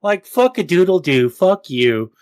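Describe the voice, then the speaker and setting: Brief: male podcast co-host, high-pitched, profane ranting, dry close mic. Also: very animated, unhurried, darkish tone, no room sound. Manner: profane, ranting, mocks others in exaggerated voices. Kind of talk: casual podcast chat.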